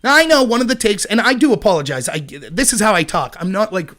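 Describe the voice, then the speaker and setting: A man hosting a live-streamed political commentary show, talking in an animated, indignant rant. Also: sits high, quick pace.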